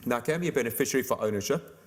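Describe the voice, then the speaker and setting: A middle-aged man, an insurance expert, explaining estate planning in a brisk interview. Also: medium pitch, animated. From South Africa. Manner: brisk, explanatory, rapid-fire examples. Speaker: insurance company expert guest. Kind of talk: virtual conference interview.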